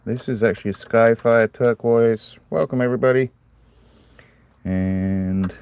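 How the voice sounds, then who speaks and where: Low smooth-voiced man hosting a live stream. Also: a little mellow. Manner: rambling, friendly, greets chatters by name. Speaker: livestream host cutting stones. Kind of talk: casual live-stream chat.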